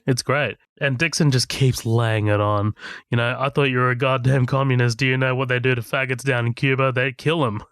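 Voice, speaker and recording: A man's voice: medium pitch, a bit bright, dry recording, clean studio sound. A man co-hosting a podcast, casually recapping film scenes, laughing and swearing often. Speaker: podcast co-host. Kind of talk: casual movie commentary.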